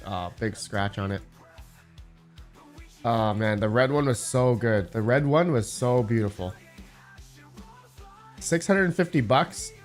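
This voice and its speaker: A man hosting a casual live stream, rambling as he thinks aloud and answers his chat. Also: on the low side.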